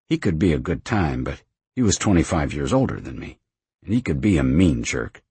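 A man voicing a worldly middle-aged mother, blunt and wry. The voice stays very deep and raspy, close and dry, with little change from the reader's own. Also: very animated, normal speed, a little mellow, no echo, heavily acted. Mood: frank. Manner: frank, matter-of-fact, wry.

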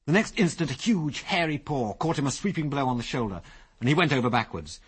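Husky man reading an adventure story aloud. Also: mid-range voice, a little fast. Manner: lively, expressive storytelling. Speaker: narrator. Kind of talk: audiobook narration.

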